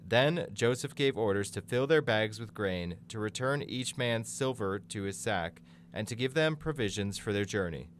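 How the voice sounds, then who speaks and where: A man's voice: fairly low pitch, animated, moderate pace, slight background noise. A man reading scripture aloud. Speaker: Bible reader.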